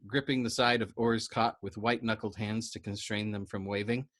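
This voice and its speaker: A man reading a novel aloud as a storyteller, in steady, low-key narration. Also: brisk, hardly any pauses.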